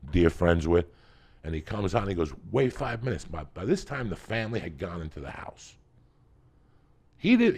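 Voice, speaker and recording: A middle-aged man from New Jersey with a gravelly voice, telling a profane, animated story in casual chat and acting out the voices. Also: on the low side. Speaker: podcast host.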